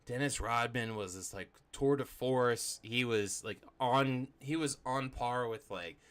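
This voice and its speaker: A man co-hosting a trivia stream, chatting casually in an animated, rambling way full of fillers. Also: mid-range voice, a little slow, smooth. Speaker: trivia co-host. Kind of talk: casual chat.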